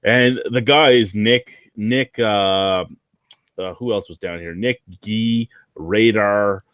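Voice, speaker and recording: A man's voice: on the low side, takes it slowly, fairly bright tone, smooth, dry recording. A man guesting on a casual chat, telling stories in a dry, self-deprecating, sweary way from a basement. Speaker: guest reviewer.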